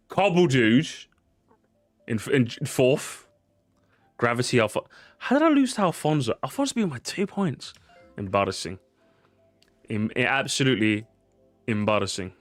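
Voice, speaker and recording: A man's voice: medium pitch, big pitch swings, measured pace, pauses often, no room sound, faint music behind. A man giving casual, jokey gameplay commentary, swearing and pleading with the game as he races. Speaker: gaming YouTuber.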